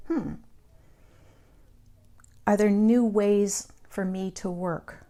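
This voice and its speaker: A middle-aged woman, leading a meditation group in a calm, reflective and candid way. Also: mid-range voice, drawn-out words, pauses often. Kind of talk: meditation class talk.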